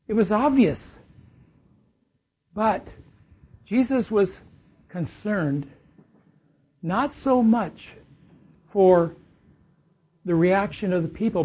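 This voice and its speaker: Slow, husky-voiced preacher. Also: mid-range voice, warm tone. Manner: slow, deliberate Bible teaching, lingering on key words. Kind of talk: sermon. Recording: dull lo-fi recording.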